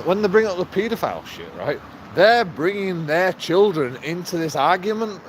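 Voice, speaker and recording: A man's voice: high-pitched, slight background noise. A man, rambling and swearing in a casual vlog monologue with frequent chuckles. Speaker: vlogger.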